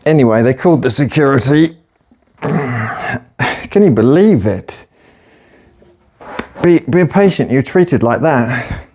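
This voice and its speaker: A man's voice: mid-range voice, expressive, slow pace, long pauses, a little mellow. A man telling a blunt, sweary story in a casual, unedited workout chat. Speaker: fitness vlogger.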